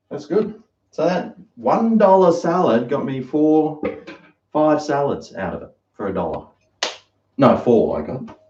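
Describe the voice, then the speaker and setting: An Australian man rambles through stories for his live-stream viewers, his pitch rising and falling a lot. The sound is roomy and a little dull, like a home kitchen on a basic mic. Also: sing-song, a little slow, dark tone, slight background noise. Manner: rambling, chatty storytelling. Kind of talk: casual live-stream chat.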